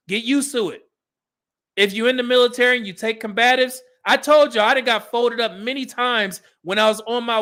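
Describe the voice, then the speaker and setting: A high-pitched, pushed and bright male voice. He's a middle-aged Californian hosting a casual commentary stream, handing out blunt, profane advice.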